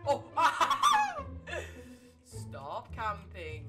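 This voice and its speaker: A high-pitched, excitable woman provides live gameplay commentary as a gaming YouTuber, with background music playing. She yelps and shouts often, firing off fast, repetitive exclamations.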